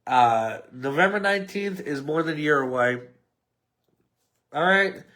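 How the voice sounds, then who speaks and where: A man's voice: fairly high pitch, expressive, measured pace, sharp tone. A man with a New York accent hosting a casual solo sports podcast, rambling and mumbling at times. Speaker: podcast host.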